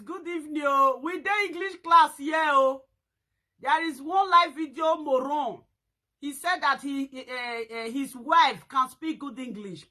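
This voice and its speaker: A woman with a Nigerian accent hosting a casual live stream, loudly mocking and laughing between exclamations. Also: high voice.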